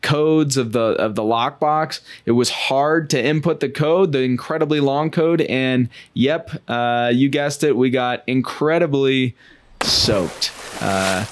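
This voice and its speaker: Guy chatting on his podcast, easygoing and jokey, medium-pitched voice. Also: slow. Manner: chatty, self-joking storytelling. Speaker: podcast host. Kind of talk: casual podcast monologue.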